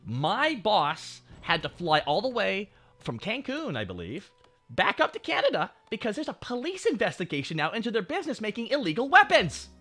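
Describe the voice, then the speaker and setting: A man streamer casually telling a long, profane story to his viewers, swinging between low muttering and shouting. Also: huge pitch swings, moderate pace, faint music behind. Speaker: VTuber streamer.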